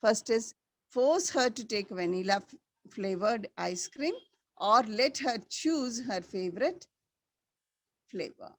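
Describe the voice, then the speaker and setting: Woman teacher, slow delivery, dry close sound. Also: on the high side, lively intonation, no echo. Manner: slow, repeats key words for students. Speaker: schoolteacher. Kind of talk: classroom lesson.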